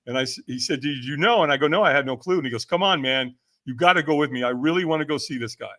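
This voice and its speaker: A man's voice: fairly high pitch, quick pace, fairly bright tone. An older man, a guest in an interview, telling a story with a lot of energy, acting out the voices in it and laughing often. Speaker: podcast guest, personal development speaker.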